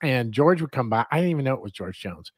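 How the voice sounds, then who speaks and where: A man who guests on a talk show, telling a story in a casual, animated way and laughing as he goes. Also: medium pitch, fast talker, slightly rough, no echo, clean studio sound.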